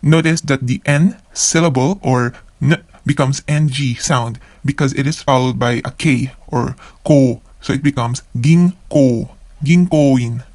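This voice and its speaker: A man's voice: medium pitch, fairly even intonation, measured pace, few pauses, dry recording. A man from the Philippines, a language learner, teaching vocabulary by saying each word twice and then explaining it. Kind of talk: vocabulary lesson.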